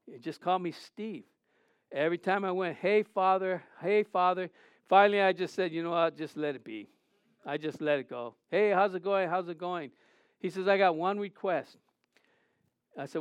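A male pastor preaching a sermon, telling personal stories with animated delivery and acted-out quotes. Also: sits high, clear, resonant tone, no echo. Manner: animated preaching, storytelling, acts out quoted voices.

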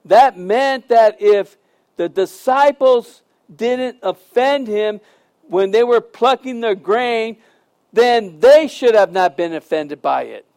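A man's voice: high-pitched, slow, clean tone. A man preaching a sermon, telling jokes and stories and asking the congregation questions. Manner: lively storytelling, jokes, asks the congregation questions. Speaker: pastor.

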